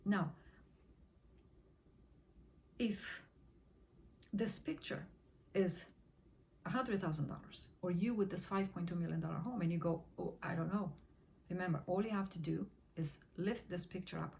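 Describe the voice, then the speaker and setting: A woman's voice: on the low side, moderate pace, vocal fry, long pauses, a little mellow. A woman giving a motivational talk on manifesting money, repeating affirmations in a rhythmic chant and sometimes dropping to a whisper. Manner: rhythmic repetition, drops to a whisper during affirmations. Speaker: manifestation teacher.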